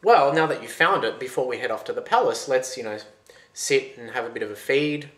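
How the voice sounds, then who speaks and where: A sly young rival who coaxes and schemes, speaking as a storyteller puts him on. The voice rings in a roomy space with clear echo. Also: male voice, medium pitch, lively intonation, a little fast, fairly bright tone, close to an everyday voice. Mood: coaxing.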